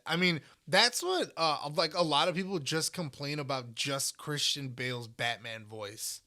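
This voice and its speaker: A man's voice: a little high, unhurried, bright, forceful tone. A man co-hosting a podcast in casual chat, rambling with many fillers and swearing for emphasis. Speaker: podcast co-host.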